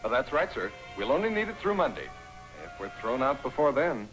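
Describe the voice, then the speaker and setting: An actor plays a quick-witted army sergeant who gives orders in a dry, commanding way. His delivery is lively and full of turns, with music clearly behind him. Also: mid-range voice, lightly acted, rough recording. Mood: wry. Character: wry, take-charge male army sergeant. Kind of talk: 1950s film comedy acting.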